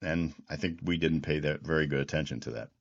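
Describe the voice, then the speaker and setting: A man in his sixties with a rumbling low voice hosts a political commentary monologue, speaking fast. He's reflective and history-minded, rambling with restarts and repeated words, and the audio's highs are cut off.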